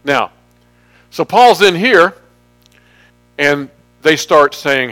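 A man's voice: fairly high pitch, expressive, unhurried, pauses often, fairly bright tone, faint music behind. A man giving a casual sermon from slides, chatty and joking, drifting off topic now and then. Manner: chatty, jokey, wanders off topic. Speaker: pastor.

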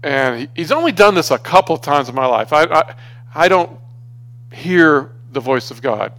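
A man's voice: on the high side, normal speed. A man preaching in a conversational storytelling way, often restarting his sentences. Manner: conversational, restarts often, grows animated when exasperated. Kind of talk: storytelling sermon.

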